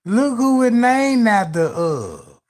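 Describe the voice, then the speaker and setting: Slow-talking commentator, lively swooping pitch, street slang, emphatic, talks straight at the audience. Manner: animated, emphatic, addresses audience directly. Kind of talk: casual video commentary to viewers.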